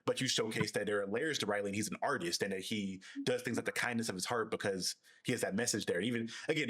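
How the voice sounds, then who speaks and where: A man's voice: fairly low pitch, fairly bright tone, breathy edge. A man co-hosting a podcast in a casual discussion, reflective and thinking aloud with frequent restarts. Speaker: podcast co-host.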